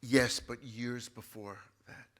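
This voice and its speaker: A man's voice: medium pitch, steady tone, takes it slowly, fairly bright tone. A man, a book author as a guest, telling an emotional personal story in an earnest way and repeating his phrases.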